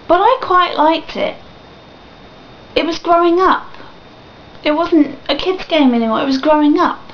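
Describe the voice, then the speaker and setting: High-voiced young woman ranting. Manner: animated, swearing, laughing often. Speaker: vlogger. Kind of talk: ranting video blog. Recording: dull lo-fi webcam audio.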